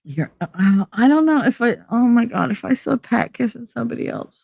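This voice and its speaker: A woman's voice: on the high side, animated, brisk, gravelly, breathy edge, no echo, lo-fi sound. A young adult woman streamer chatting casually while reading quiz questions aloud, blunt, joking and full of profanity. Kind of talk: casual chat reading online quizzes aloud.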